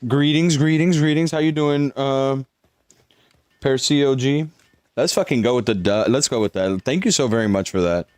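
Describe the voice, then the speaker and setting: A man's voice: mid-range voice, moderate pace, darkish tone, smooth, no room sound. A young man on a live stream, chatting casually with viewers and walking them through a game, swearing now and then as he hypes them up.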